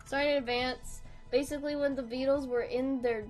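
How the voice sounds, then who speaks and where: A woman's voice: sits high, steady tone, brisk, darkish tone, faint music behind. A young woman chatting casually on a live stream while drawing, swearing freely and laughing through her sentences. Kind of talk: casual livestream chat.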